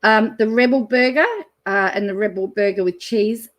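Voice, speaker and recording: A woman's voice: mid-range voice, normal speed. Chatty Australian woman reading a menu. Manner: chatty, rambling, lots of ums, bursts of excited laughter. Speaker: channel host. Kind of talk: casual chat reading a menu aloud.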